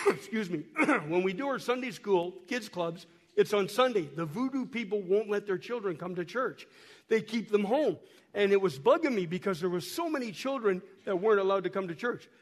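A high-voiced man speaks to a church in a folksy storytelling way, stumbling over and repeating his words as he shows photos. He is hoarse from a cold. His voice carries a long echo through the church hall. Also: animated, normal speed, fairly bright tone. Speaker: missionary guest speaker. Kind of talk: storytelling talk to a church while showing photos.

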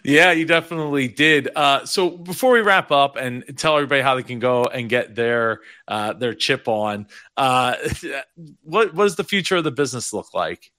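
A man hosting a casual business interview, upbeat with quick reactions. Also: mid-range voice, lively intonation, sharp tone, no room sound, clean studio sound. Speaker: podcast host.

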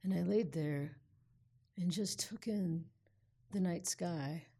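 A woman telling a personal story aloud in an unhurried, vivid way with dramatic pauses. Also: lowish voice, vocal fry, mellow, breathy edge.

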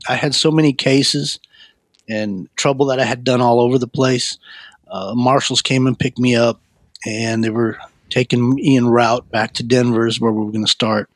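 A middle-aged man, a guest, telling his life story in a rambling, animated way, with many fillers and restarts. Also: moderate pace, no echo. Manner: animated, acts out quoted voices with a raised pitch. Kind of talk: personal storytelling.

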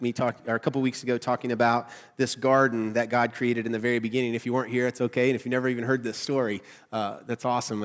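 Nasal Southern pastor in a reverberant hall. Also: male voice, mid-range voice. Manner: conversational, animated preaching with audience asides. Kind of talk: sermon. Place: church sanctuary.

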